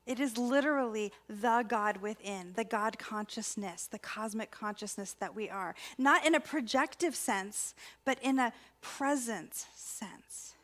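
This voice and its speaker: A woman, a spiritual practitioner, giving an inspirational sermon in a conversational, expressive way with repeated emphasis. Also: a little high, moderate pace, hardly any pauses. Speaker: spiritual practitioner and ministry student speaker.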